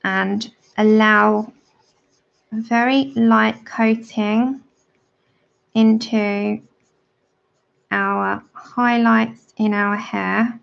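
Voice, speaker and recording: Lady walking you through a drawing, gravelly voice, a bit high, friendly chat. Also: steady tone, drawn-out words, pauses often. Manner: chatty, friendly instructing. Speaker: art tutor. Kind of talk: livestream drawing tutorial, casual chat. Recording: dull lo-fi livestream audio.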